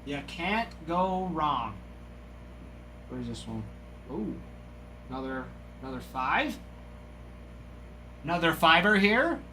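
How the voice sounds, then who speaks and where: Gushing, bright-voiced man opening cards. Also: on the high side, slight background noise. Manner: excited, gushing exclamations over each card. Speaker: trading card break host. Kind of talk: live card-opening commentary.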